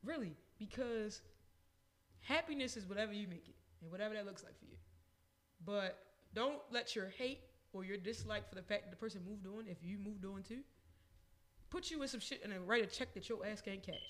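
A man's voice: high voice, brisk, fairly bright tone. A man co-hosting a podcast, ranting emphatically and swearing freely. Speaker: podcast co-host. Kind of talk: casual chat.

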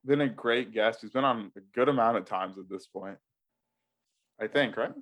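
A man's voice: lowish voice, a bit bright. Chatty man hosting a podcast. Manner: chatty, rambling with restarts, quick laughs. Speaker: podcast host and editor. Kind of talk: casual chat.

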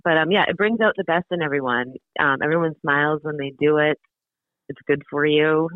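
A woman's voice: deep voice, brisk, no room sound. A woman guest in a podcast interview, bubbly and enthusiastic, talking in a chatty way with lots of fillers. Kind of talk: casual interview. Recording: tinny phone-like remote call line.

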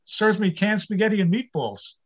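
A man's voice: high-pitched, very animated, normal speed. An older man performing a stand-up comedy set, telling wry, self-deprecating jokes about his marriage.

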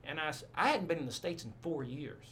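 A man, a pastor, telling stories in a casual interview, rambling and animated with many asides. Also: on the high side, a little fast, a little hiss or hum.

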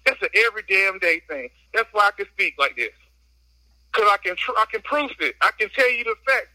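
A man's voice: high voice, sing-song, brisk, bright, forceful tone, no echo, poor audio. A man guest on a casual podcast, talking through a phone while out on a walk, slightly out of breath, emphatic and slangy as he vents. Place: outdoors on a walk.

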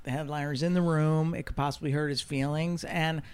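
A man's voice: fairly high pitch, fairly quick, smooth. A man hosting a podcast, telling stories in casual chat and acting out what people said. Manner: profane, animated storyteller who acts out quotes. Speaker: podcast host and comedian.

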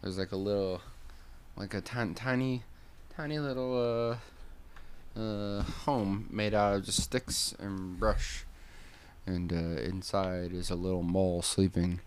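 Casual male streamer, lower voice, loose rambling storyteller who laughs a lot. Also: fairly even intonation, takes it slowly, slight background noise.

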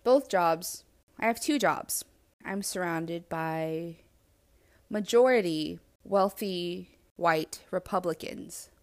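A woman hosting a podcast, talking alone in a blunt, animated and self-reflective way and swearing freely. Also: lowish voice, takes it slowly. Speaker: podcast host. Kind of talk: candid solo monologue.

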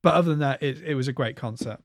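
A man's voice: medium pitch, fast, no room sound, studio quality. A young man co-hosting a podcast, speaking hesitantly and repeating words as he gathers his thoughts. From England. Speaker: podcast co-host. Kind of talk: casual review chat.

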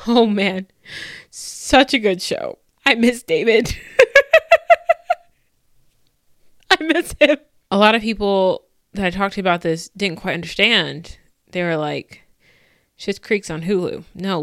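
A woman's voice: mid-range voice, a bit bright, no room sound, clean studio sound. A young woman in her twenties hosting a casual solo podcast, gushing and laughing often as she fangirls. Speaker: podcast host.

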